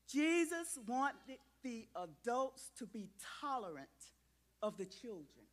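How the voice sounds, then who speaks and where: A woman's voice: a little high, expressive, slow pace, fairly bright tone. A woman giving a children's sermon in a church, coaxing and interactive as she asks the kids questions and gets them to join in. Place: church sanctuary.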